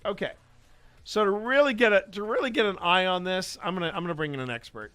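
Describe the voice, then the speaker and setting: This is a male podcast host in casual talk who often trips over his own restarts. He has a bright, forceful voice pitched a little high. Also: fast talker, clear, resonant tone. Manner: rambling, with frequent restarts. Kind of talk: casual podcast chat and news reading.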